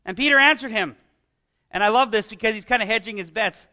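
A middle-aged male pastor preaching a sermon to his congregation in an animated, conversational way, full of rhetorical questions. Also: high voice, quick pace.

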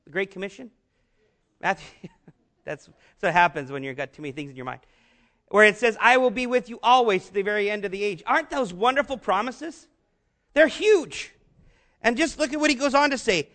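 A man preaching a sermon, asking the congregation rhetorical questions and slowing down to stress repeated phrases. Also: sits high, fairly bright tone. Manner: rhetorical questions, emphatic slow repetitions. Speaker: pastor.

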